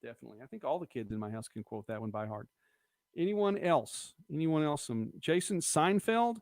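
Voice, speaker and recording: A man's voice: on the high side, expressive, brisk, a little mellow, no room sound. Chatty middle-aged man, dry close mic. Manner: chatty, rambling, quotes movie lines. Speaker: host of a local live-stream show. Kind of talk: casual live-stream chat reading viewer comments.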